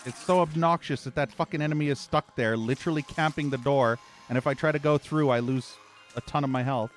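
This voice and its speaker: A man's voice: medium pitch, brisk, faint music behind. Profane, frustrated gaming streamer man. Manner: frustrated, profane ranting with frequent exasperated sighs. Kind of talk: live game commentary.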